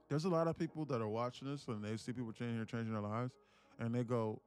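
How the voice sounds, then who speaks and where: A man's voice: mid-range voice, steady tone, fairly quick, darkish tone, clear, resonant tone, soft background music. A man hosting a live day trading stream who tells stories and swears freely. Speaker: day trading livestream host. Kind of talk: casual livestream talk.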